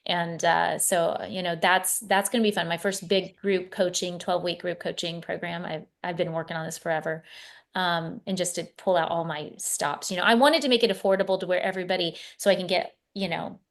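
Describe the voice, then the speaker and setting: A middle-aged woman with a lowish voice and a gravelly, fry-tinged edge. She talks in a loose, animated way, restarting and repeating words as she tells stories about her coaching work. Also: brisk. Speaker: podcast guest, spiritual coach. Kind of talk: casual conversation.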